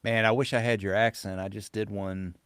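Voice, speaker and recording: Male actor, lower voice, faded Southern accent, relaxed storyteller. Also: fairly quick, smooth, no room sound. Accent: light Southern US. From Southern US, Tennessee. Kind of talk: casual chat.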